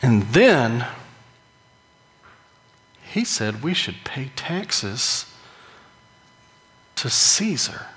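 A man's voice: medium pitch, sing-song, drawn-out words, long pauses, a bit bright. A man preaching a sermon in a conversational, joking way, with emphatic rises. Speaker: pastor. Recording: long hall reverb.

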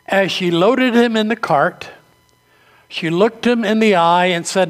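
High-voiced preacher in a reverberant hall. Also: male voice, measured pace. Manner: storytelling preacher, acts out quoted voices. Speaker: pastor. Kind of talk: sermon.

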